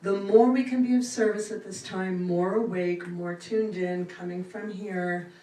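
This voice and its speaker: A middle-aged woman giving a spiritual talk to a congregation with a lively, laughing cadence. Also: medium pitch, measured pace. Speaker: inspirational speaker. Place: church sanctuary. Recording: roomy hall from far off.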